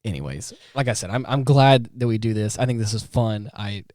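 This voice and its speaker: Podcast co-host, male, lower voice, chatty and halting, dry studio sound. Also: darkish tone, no room sound. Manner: rambling, halting, laughs often. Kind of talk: casual chat.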